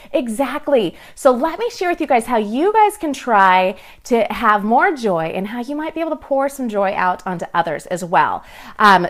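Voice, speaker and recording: Bubbly chatty woman, slightly high voice. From Southern California, USA. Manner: reads and answers viewer comments aloud. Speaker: blogger and livestream host. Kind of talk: casual livestream chat.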